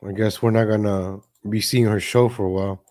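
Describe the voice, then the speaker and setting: A man's voice: lowish voice, steady tone, a little fast, darkish tone. A man hosting a live stream, reacting to clips with mocking, sarcastic commentary and repeating himself.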